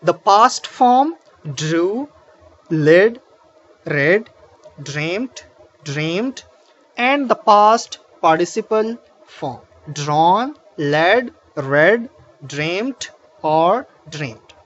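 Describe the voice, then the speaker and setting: A man teaching a grammar lesson, explaining slowly with many fillers and restarts. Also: high-pitched, animated, a bit bright, muffled recording. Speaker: English teacher.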